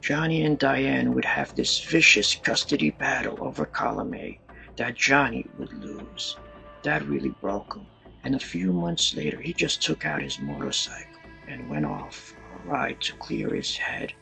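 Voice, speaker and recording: Gravelly male storyteller with lively delivery. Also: medium pitch, unhurried, faint music behind. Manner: dramatic, colloquial, acts out voices and sound effects. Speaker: narrator. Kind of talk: casual true-crime storytelling.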